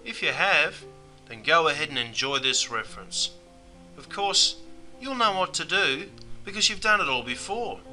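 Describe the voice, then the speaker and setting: A man's voice: on the high side, animated, moderate pace, bright, forceful tone, poor audio. Slangy Australian man narrating over music. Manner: slangy, matey, keeps saying mate. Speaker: language course guide. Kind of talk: scripted menu narration. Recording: music bed under the voice.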